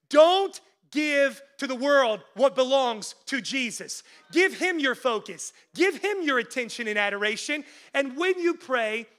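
A male pastor preaching a sermon, swinging between loud, urgent peaks and hushed lows, with casual "like" asides and calls to the congregation. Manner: conversational asides with frequent "like" fillers.

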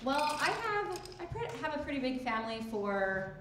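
A woman's voice: high voice, big pitch swings, normal speed. A woman in her thirties speaking as a guest on a live podcast, hesitant, with many ums. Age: 30s. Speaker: audience guest. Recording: echoey live room with faint noise, far from mic.

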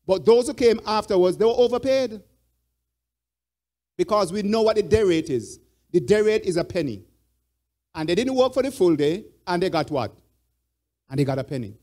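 A man's voice: high-pitched, animated, normal speed, long pauses, warm tone. A church elder teaching a Bible study. He repeats his points and prompts the group with fill-in "what?" questions.

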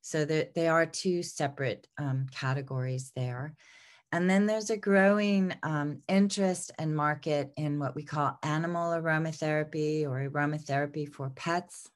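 A woman's voice: sits low, moderate pace. A middle-aged woman teaching an aromatherapy lesson over slides, a little congested, talking off the cuff with many ums and restarts. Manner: unscripted, many fillers and restarts.

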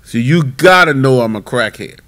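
A man's voice: mid-range voice, lively intonation, normal speed, fairly bright tone, lightly acted. A man acting out a desperate male friend who pleads for his money and grows angry when refused. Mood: pleading. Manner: pleading, then cussing.

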